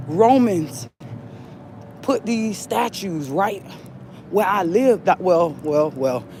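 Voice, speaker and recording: A woman's voice: fairly low pitch, a little mellow, a little hiss or hum. A middle-aged woman vlogging live while walking outdoors, rambling in a defiant, agitated and profane way. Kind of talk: rambling live vlog monologue.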